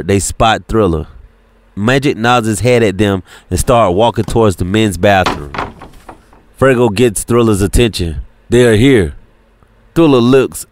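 A man narrating an audiobook in a steady, plain reading. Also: on the low side, no room sound. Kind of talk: scripted narration.

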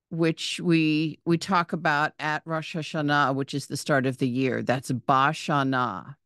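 A woman teaches a reading lesson with great patience, sounding out each word, naming its letters and repeating it. Her voice is low and smooth, and she talks very slowly. The sound is dry and close. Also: fairly bright tone, dry recording.

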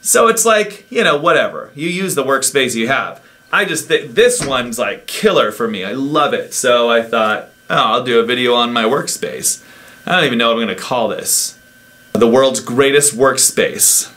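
Animated and forceful, this man speaks at medium pitch and moderate pace with a bright tone. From a desk microphone in his home office in a house in the woods, he vlogs casually, rambling and breaking into his own sentences as he shows things.

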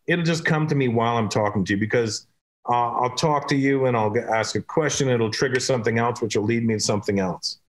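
A comedian from Canada chats as a podcast guest, telling lively stories. He acts out each exchange, switching between his own lines and other people's. His voice sits at an ordinary middle pitch for a man. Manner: animated, acting out dialogue in his stories. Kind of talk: casual chat and storytelling.

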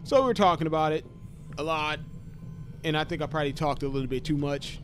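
A man's voice: a little high, fast talker, background noise. A man in his thirties with a sore voice from talking too much, joking to himself and yelping at scares as he plays a horror game. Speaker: gaming YouTuber.

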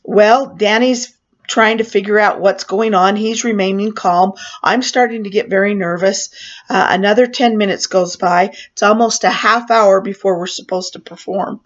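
An older woman telling a personal story with animated delivery, acting out her own panic in a raised voice. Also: mid-range voice, normal speed. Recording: dull lo-fi sound.

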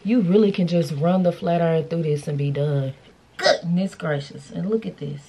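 A woman's voice: lowish voice, expressive, normal speed, dark tone, husky. A woman vlogger chatting casually and playfully to her viewers while styling a wig. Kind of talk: casual beauty vlog chat. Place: indoors, hotel room.

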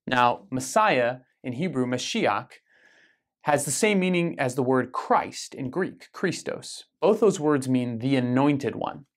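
An American man leading a weekly parish Bible study, explaining scripture in a conversational way with frequent ums and self-corrections. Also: medium pitch. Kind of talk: casual Bible study teaching.

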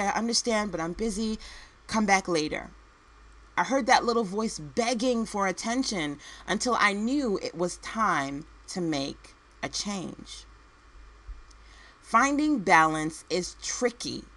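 Emphatic woman with a bright, tense voice. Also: medium pitch. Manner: emphatic, punchy one-word headings and repeated phrases; conversational asides to the listener. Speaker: entrepreneur and work-at-home mom. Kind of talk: motivational speech.

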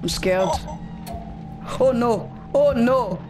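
Slow, nervous man muttering over music. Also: extremely high pitch. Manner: nervous, frightened muttering to himself. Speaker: gaming channel host. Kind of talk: horror game let's play commentary.

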